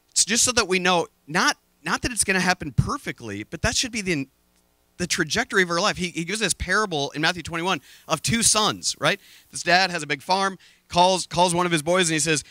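A man preaching a sermon from a stage, telling a story with lively, acted-out quotes. He says he is sweating up here. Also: high voice, a little fast, no echo. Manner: animated storytelling, acting out quoted voices. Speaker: pastor. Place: stage before a congregation.

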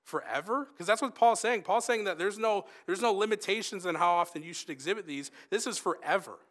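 A man preaching a sermon in an earnest, conversational way, rising for emphasis and softening for quoted asides. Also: high voice, fairly quick.

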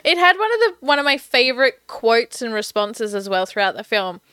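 A woman's voice: on the high side, big pitch swings, a little fast, pushed and bright, smooth, no echo. A woman chatting casually and enthusiastically about a film, swearing often. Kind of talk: casual film recap chat.

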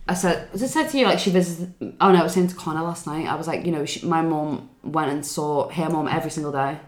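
A young woman in her twenties with a very low voice, talking casually and rambling softly with friends. Her voice rings in an echoey room. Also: quick pace. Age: 20s. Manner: rambling, soft-spoken, trails off. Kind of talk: casual chat.

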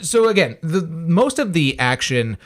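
Animated man co-hosting a review chat. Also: fairly high pitch, measured pace. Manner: animated, restarts often. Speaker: podcast co-host.

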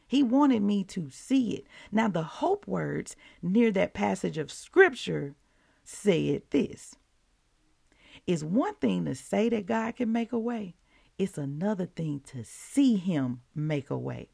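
A woman hosting a devotional podcast, preaching emphatically and breaking into excited outbursts. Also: mid-range voice, slow, creaky. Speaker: podcast host.

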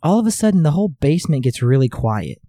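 A young man co-hosting a podcast, telling a memory in a measured, deliberate way. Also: on the high side, very animated, dark tone, no room sound, clean studio sound. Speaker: podcast co-host. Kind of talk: casual chat, reminiscing.

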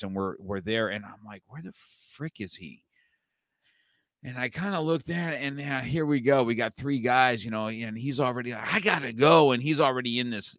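A man's voice: medium pitch, no room sound, clean studio sound. A male podcast host in casual chat, joking, laughing often and tacking "right?" and "man" onto his lines.

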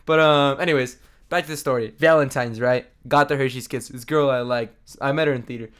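Man, casual chat, rambling storyteller, restarts sentences, smooth voice. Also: medium pitch, steady tone, fairly quick, a bit bright.

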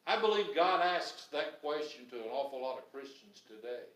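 A man's voice: mid-range voice, lively intonation, moderate pace, fairly bright tone, far from the mic. A male pastor preaching a sermon, building emphasis through repeated phrases, recorded in a church. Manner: preaching with rising emphatic repetition. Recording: echoey room, voice from off-mic.

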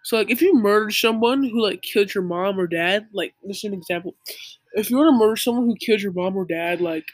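An earnest young speaker lectures the listener in a casual, preachy monologue. The talk is informal and full of "like" fillers, at a middling pitch. The sound is dry and close. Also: a little fast, no echo. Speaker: young believer giving religious advice.

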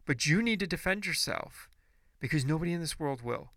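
A man's voice: fairly high pitch, animated, fairly quick, a bit bright, dry recording, studio quality. A man ranting in a casual monologue podcast, blunt and profane, preachy and rambling with restarts.

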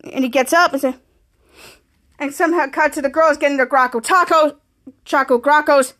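At a moderate pace, a high-pitched woman hosts a casual podcast where she walks through a TV episode shot by shot. She rambles and stumbles, restarting phrases and linking scenes with a steady "cut to."

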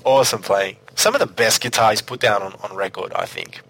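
A man's voice: fairly low pitch, fairly quick, fairly bright tone, breathy edge, poor audio. A man hosting a casual music review chat, enthusiastic and full of restarts. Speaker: podcast host.

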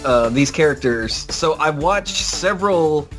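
A man's voice: a little high, animated, a little slow, a bit bright, soft background music. A man from the United States on a casual podcast panel, making wry, pointed remarks. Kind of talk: casual discussion.

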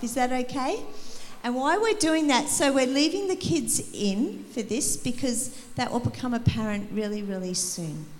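A woman preaching an energetic sermon in a church, rallying the congregation and calling for responses. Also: high-pitched, in a large hall, slight background noise. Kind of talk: sermon to a church youth service. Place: church hall.

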